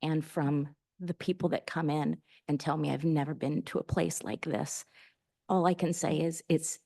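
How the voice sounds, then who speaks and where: A woman giving unprepared, heartfelt public comment at a county planning meeting, emotional and halting, repeating words. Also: low voice, steady tone, vocal fry, dark tone.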